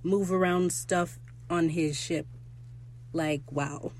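Recap host: excitable, profane, wandering asides, casual delivery. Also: medium pitch, slow, slight background noise.

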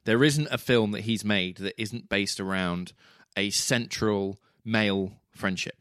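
A man's voice: fairly low pitch, a little slow, a bit bright, smooth, no echo, studio quality. A man co-hosting a casual film podcast, rambling and teasing, swearing freely as he talks through his thoughts. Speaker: podcast co-host.

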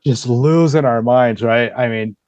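A man's voice: mid-range voice, unhurried, darkish tone, no echo, muffled recording. A man on a podcast telling a story in a casual way, swearing freely and acting out what others said. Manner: vivid retelling, swears freely, acts out the voices of others.

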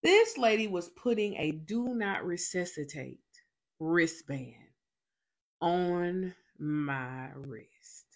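A woman's voice: lowish voice, lively intonation, slow. A young woman hosting a faith show, telling a personal testimony in a dramatic, emphatic way with lots of repetition.

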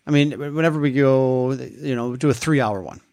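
A man's voice: medium pitch, fairly quick, darkish tone, dry recording. Man, thirties, from the upper Midwest, rambling casual chat, dry close sound. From upper Midwest, USA. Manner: rambling, self-interrupting storyteller. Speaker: podcast co-host.

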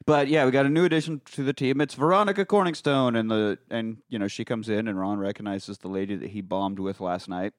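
A man's voice: on the low side, a little fast, hardly any pauses, dry recording, clean studio sound. A man hosting a casual podcast, recapping a film and acting out its lines in put-on voices with frequent laughter. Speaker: podcast host.

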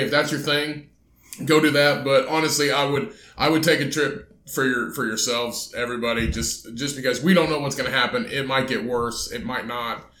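A man's voice: medium pitch, pushed and bright, echoey room. A man co-hosting a casual podcast, rambling with repeated words and joking asides. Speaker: podcast co-host.

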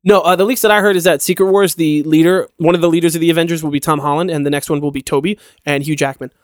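A man in his thirties co-hosting a podcast who rattles off strong opinions at speed, cursing freely. His voice sits somewhat high and sounds close and dry, with no room around it. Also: steady tone, clear, resonant tone, no echo. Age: 30s. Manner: fast, opinionated, heavy swearing. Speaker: podcast co-host. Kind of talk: casual chat.

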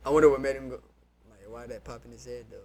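A young man hosting a podcast, joking around in relaxed, slangy casual talk. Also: medium pitch, fast talker. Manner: laid-back, joking, slangy. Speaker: podcast host. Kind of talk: casual banter.

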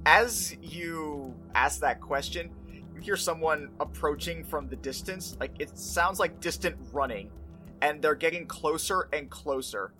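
Game master, dramatic paced narration, bright clear tone. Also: mid-range voice, soft background music. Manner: measured, dramatic narration with pauses.

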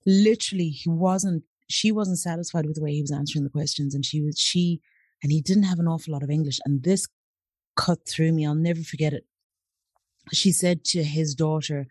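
A woman's voice: low voice, fairly quick, no room sound. A woman in her late thirties, originally from Africa, telling personal stories as an interview guest and acting out the people in them. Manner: animated, acts out voices of people in her stories. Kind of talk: storytelling in conversation.

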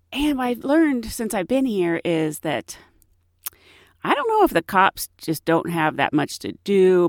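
A woman's voice: mid-range voice, no room sound, studio quality. A woman hosting her own show, telling a personal story in a chatty, self-mocking way and laughing often. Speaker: podcast host.

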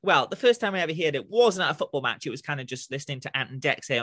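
A man from southern England hosting a podcast interview, excitable and quick to laugh. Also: on the high side, no room sound. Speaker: podcast host.

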